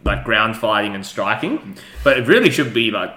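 A man's voice: on the low side, very animated, moderate pace, pushed and bright. A man, an MMA coach, chatting analytically on a podcast with frequent restarts. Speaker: MMA fighter and striking coach, guest. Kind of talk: casual podcast chat. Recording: echoey room.

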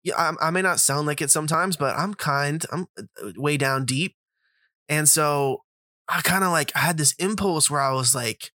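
A man's voice: fairly high pitch, normal speed, bright, forceful tone, dry recording, studio quality. A man hosting a podcast, telling a casual, profane story full of fillers and asides to his listeners. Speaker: podcast host.

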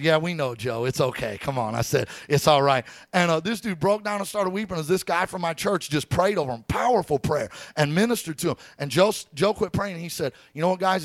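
A man's voice: on the high side, no room sound. A man preaching as pastor, telling stories in a conversational way and calling out to the congregation. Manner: conversational storytelling with preacher call-outs. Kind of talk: sermon.

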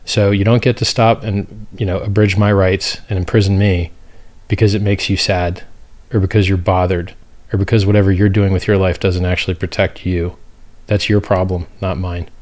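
American male guest, very deep, blunt and emphatic. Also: level tone, moderate pace, darkish tone. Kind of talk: casual conversational interview.

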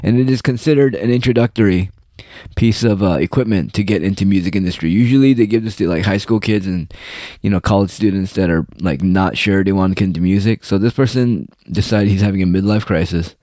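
Low-voiced young man ranting profanely. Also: a little fast, dark tone, no room sound, studio quality. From United States. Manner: profane, rambling, mocking. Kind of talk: casual ranting monologue.

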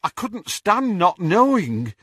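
Man reading as an anguished young woman, raised pitch, bright and husky. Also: sing-song, slow, no room sound, studio quality, full character voice. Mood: anxious. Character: young woman, anxious and restless.

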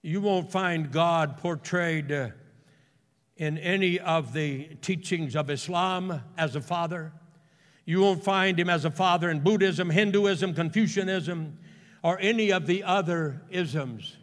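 A man, a pastor, delivering a sermon in a church, moving between hushed storytelling and loud, fervent exclamations. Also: on the high side, unhurried. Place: church sanctuary. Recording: long hall reverb in a church.

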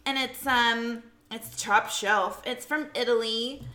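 A woman's voice: a little high, fairly even intonation, takes it slowly, sharp tone, a little hiss or hum. A woman co-hosting a casual podcast, laughing and joking as she chats. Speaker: podcast co-host. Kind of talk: casual drinking chat.

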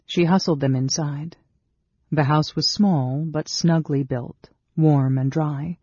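Mellow, husky audiobook narrator. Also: male voice, a little high, no echo. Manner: steady, measured reading. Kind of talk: scripted narration. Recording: dull, dry studio sound.

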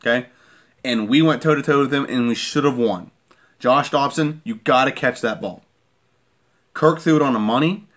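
A man's voice: mid-range voice, normal speed, pauses often, a bit bright. Irate man ranting about football. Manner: irate, repeats himself, keeps asking "okay?". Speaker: sports fan vlogger. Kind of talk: heated sports rant.

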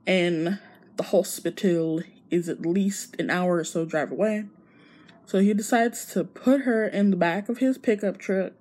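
A woman's voice: mid-range voice, mellow. A young woman casually retelling a story, chatty with lots of fillers.

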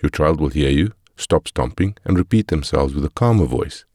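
A man with an extremely deep voice reads a parenting guide aloud in measured, instructive short phrases. The recording is dry and close, with no room sound. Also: expressive, darkish tone, no echo. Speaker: audiobook narrator. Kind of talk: scripted narration of a parenting guide.

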